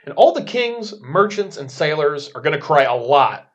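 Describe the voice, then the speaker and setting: A man's voice: fairly high pitch, big pitch swings, moderate pace, muffled recording. A man from Las Vegas co-hosting a podcast, summarizing scripture with dry wisecracks. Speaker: podcast co-host. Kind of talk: deadpan comedic scripture commentary.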